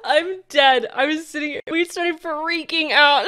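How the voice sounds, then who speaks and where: A woman's voice: very high-pitched, sing-song, unhurried, bright, forceful tone. Laughing, exasperated young woman streamer. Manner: laughing, exasperated, swearing in frustration. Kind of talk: casual gaming stream chat.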